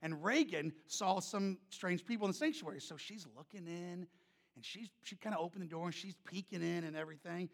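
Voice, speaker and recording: A male pastor telling a story in a sermon, loud and animated, then dropping to soft, gentle tones. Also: high voice, a little fast, vocal fry, long reverb tail.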